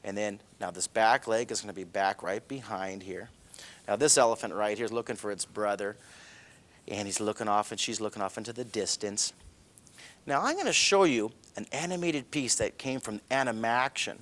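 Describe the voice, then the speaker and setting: A man's voice: lowish voice, normal speed, fairly bright tone. A middle-aged man, a cartoonist, teaching a children's drawing lesson with enthusiasm, chuckling and telling stories as he sketches.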